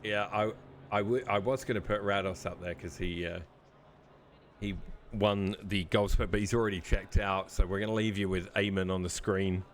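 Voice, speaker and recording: A man who calls himself a tired old man, casting a sim racing broadcast in a relaxed, chatty way. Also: fairly low pitch, moderate pace, a little hiss or hum. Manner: relaxed, yawning and laughing. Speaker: race caster.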